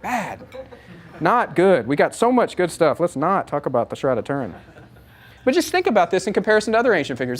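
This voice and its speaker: A man teaching a live audience, animated, asking them many rhetorical questions. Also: fairly high pitch. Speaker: Bible teacher.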